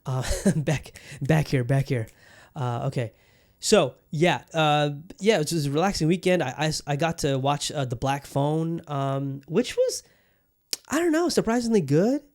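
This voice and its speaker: Fairly high-pitched and a little slow, this podcast host rambles in loose conversation, interrupting himself with restarts and frequent profanity.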